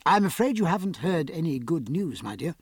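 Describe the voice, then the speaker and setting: A man reading an audiobook, voicing a warm, fussing young woman who talks solicitously and briskly. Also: fairly high pitch, big pitch swings, breathy edge, no room sound, clean studio sound. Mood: downcast. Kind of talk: audiobook character voice.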